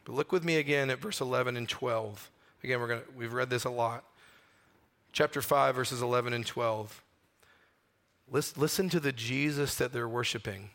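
A man preaching a sermon in an earnest way, slowing down and softening his voice on the key phrases. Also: medium pitch. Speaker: pastor.

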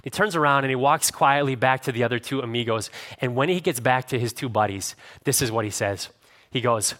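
A male pastor preaching a sermon to his congregation, telling a story with animated swings in pitch and loudness. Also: a little fast. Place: church room with a live congregation.

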